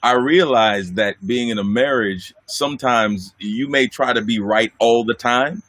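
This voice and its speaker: A man's voice: medium pitch, measured pace, fairly bright tone, no echo. A man hosting a church talk show, reflective and searching for words, often repeating himself. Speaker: host.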